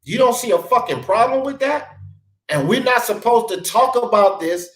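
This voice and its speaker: A man's voice: very high-pitched, animated, normal speed, fairly bright tone. Heated cursing guy on a talk show, voice jumping all over, echoey room. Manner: blunt, profane, ranting. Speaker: sports talk show host. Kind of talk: heated commentary.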